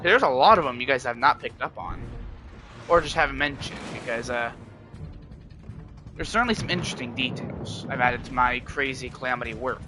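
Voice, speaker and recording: A man's voice: mid-range voice, a little fast, music in the background. A man streaming a game, chatting casually to viewers in a rambling way and often restarting his sentences. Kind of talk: casual live-stream chat.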